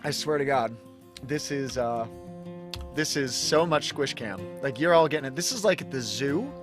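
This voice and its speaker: A man's voice: medium pitch, animated, normal speed, music in the background. A man hosting a casual live stream from home, rambling and chuckling as he chats with viewers. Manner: rambling, self-interrupting, chuckling asides. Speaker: livestream host and magician.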